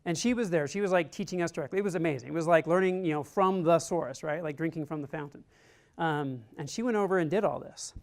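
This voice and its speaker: A man's voice: on the high side, fast. A man teaching a resilience class who talks in an informal, chatty way, full of "like," and sounds earnest and encouraging. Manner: informal and chatty, heavy use of "like". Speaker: army resilience trainer. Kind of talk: classroom lecture with a personal story.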